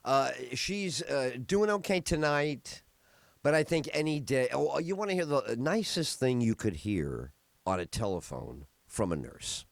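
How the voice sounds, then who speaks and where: A man's voice: mid-range voice, expressive, measured pace, gravelly, dry recording. A middle-aged man hosting a podcast, telling rambling stories in a casual chat with many fillers. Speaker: podcast host.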